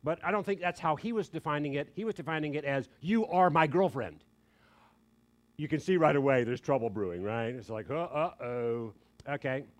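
A man's voice: fairly high pitch, fast talker, hardly any pauses. An older man preaching a sermon, telling a family story in an earnest, conversational way. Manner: earnest, conversational, quoting others in lively asides.

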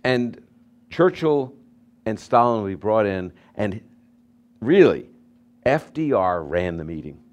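Animated man preaching a sermon. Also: fairly low pitch, takes it slowly, long pauses. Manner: animated preaching with anecdotes, swinging loud and soft. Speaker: pastor.

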